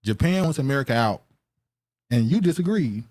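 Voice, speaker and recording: A man's voice: mid-range voice, expressive, brisk, a little mellow, no room sound. A man hosting a podcast, reading news headlines aloud and riffing on them in a loose, argumentative chat. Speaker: podcast host.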